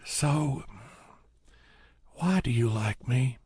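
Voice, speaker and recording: A man's voice: medium pitch, lively intonation, drawn-out words, a little mellow, slightly rough, no echo, studio quality, voice pushed up, heavily acted. A man voicing a wry, self-mocking young woman who teases with needling questions in an audiobook. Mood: teasing.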